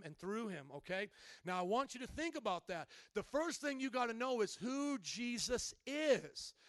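High-voiced, animated male preacher. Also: clean tone, dry recording. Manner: animated, emphatic preaching, bursts into shouts. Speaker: pastor. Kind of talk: sermon. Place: church service.

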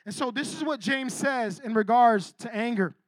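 High-voiced man preaching casually. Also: normal speed, dry recording. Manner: conversational, keeps asking "right?" and teases the congregation. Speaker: pastor. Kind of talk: casual sermon.

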